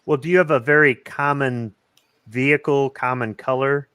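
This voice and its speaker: A man from North Carolina chats casually, relaxed as he tells stories, leaning on "you know". His voice sits in a middle range, and the recording is dry and close. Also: mid-range voice, normal speed, clean tone, no echo. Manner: relaxed anecdote-telling with repeated "you know". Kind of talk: casual chat.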